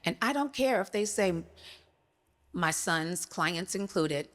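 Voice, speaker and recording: Woman cohost, lowish voice, emphatic, bit jokey, casual podcast. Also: lively intonation, slow pace. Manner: emphatic, lightly joking. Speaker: podcast co-host.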